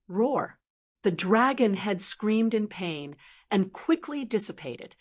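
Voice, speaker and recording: A woman narrating a fantasy novel audiobook in an even, steady reading. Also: mid-range voice.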